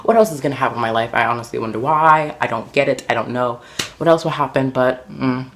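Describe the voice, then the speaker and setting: Animated man telling stories to camera. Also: mid-range voice, quick pace, slight background noise. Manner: animated and dramatic, lots of "like". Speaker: vlogger. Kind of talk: casual storytelling to camera.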